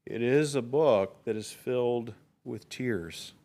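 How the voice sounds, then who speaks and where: A middle-aged man preaches to his congregation in a church. He talks in an earnest, storytelling way and rises in emphasis on his main points. His voice sits at a middle pitch. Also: slow pace, warm tone. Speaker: pastor. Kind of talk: sermon. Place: church sanctuary.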